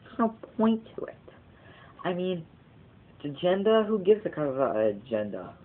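A man's voice: high voice, big pitch swings, normal speed, phone-quality sound. A teenage boy rambling through a casual video blog, digressing often and swearing casually. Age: teens. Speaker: vlogger.

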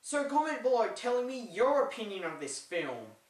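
A woman giving a comedic, opinionated movie review with sarcastic deadpan asides. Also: on the high side, moderate pace. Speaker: film reviewer. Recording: roomy echo, distant from the mic.

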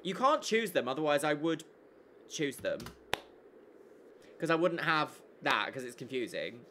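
A woman on a casual live stream, playing a game and chatting with her chat in an animated, giggly way. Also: sits low, unhurried, background noise.

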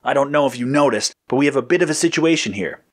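A man's voice: mid-range voice, quick pace, pitched above the performer's own voice, close to an everyday voice. Decisive male lead hero, urgent and set on action; a male narrator voices him. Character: determined male hero leader.

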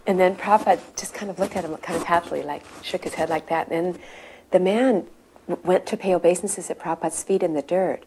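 Speaking quickly in a lowish, darkish voice with fairly even intonation, a middle-aged woman reminisces about her spiritual teacher; a faint hiss or hum sits under the recording. She is reverent throughout, and her account rises steadily in intensity.

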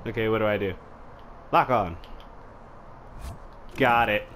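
A young man casually commenting while playing a fighting game, trash-talking opponents and shouting battle cries. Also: fairly low pitch, takes it slowly, slight background noise. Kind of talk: casual let's-play commentary.

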